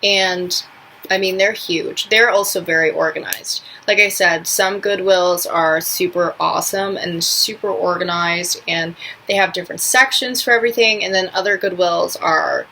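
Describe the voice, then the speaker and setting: A woman's voice: on the low side, fairly even intonation, normal speed, vocal fry, bright, forceful tone, a little hiss or hum, low-quality recording. A young woman from New York chatting casually in a vlog, rambling with lots of filler words. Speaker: vlogger.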